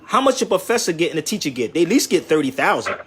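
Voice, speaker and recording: Brief: man, high and very lively voice, insistent street debater, faint noise behind. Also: racing. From Philadelphia, USA. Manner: animated, insistent, repeats "listen" and "bro". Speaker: traveling commentator and radio host.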